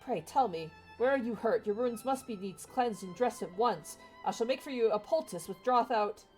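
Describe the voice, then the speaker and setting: A woman's voice: a little high, normal speed, darkish tone, faint music behind, voice pushed up, natural voice, poor audio. Urianger, a woman putting on a valley-girl lilt. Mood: grandly formal. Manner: mock valley-girl lilt on old-fashioned speech. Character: archaic-speaking male scholar, grandly formal. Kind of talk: reading game dialogue aloud.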